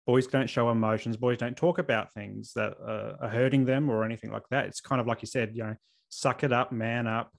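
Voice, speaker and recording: Gravelly Australian man in his thirties. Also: medium pitch, fairly even intonation. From South Australia. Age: 30s. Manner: earnest, open, halting restarts. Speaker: podcast host. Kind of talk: casual interview chat.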